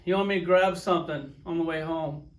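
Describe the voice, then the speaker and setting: A man's voice: fairly high pitch, steady tone, brisk, natural voice. A man voicing his girlfriend in a comic aside, a casual, offhand working woman calling about dinner. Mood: breezy.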